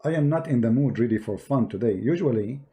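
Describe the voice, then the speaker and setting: A man's voice: medium pitch, lively intonation, quick pace, mellow. A man hosting a confrontational live debate, boastful and sarcastic. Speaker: debate streamer.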